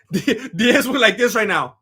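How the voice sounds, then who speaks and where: A man hosting a live fight watch-along, talking casually and excitably, rambling with restarts and bursts of shouting. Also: high voice, takes it slowly, slightly rough.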